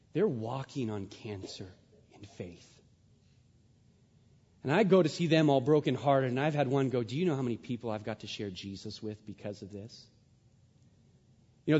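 Preaching man with booming hall echo. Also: husky. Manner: dramatic swings from hushed to loud. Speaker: pastor. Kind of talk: sermon. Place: church sanctuary. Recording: dull sound with long hall reverb.

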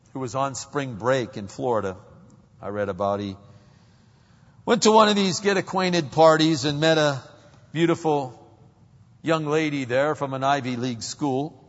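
A man preaching a sermon, an animated storyteller who swings from loud bursts to hushed tones. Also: medium pitch, normal speed. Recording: muffled hall recording with long reverb.

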